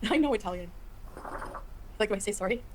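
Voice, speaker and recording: Fast-talking woman livestreaming to chat. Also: mid-range voice, animated, a little mellow, slight background noise. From Canada. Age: 40s. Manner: rapid, chatty, laughing, exasperated rants. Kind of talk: casual livestream chat reading comments.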